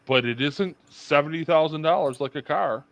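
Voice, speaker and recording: A man's voice: a little high, moderate pace, vocal fry, fairly bright tone, dry recording. A middle-aged man chatting casually as a livestream guest, rambling with lots of fillers and restarts.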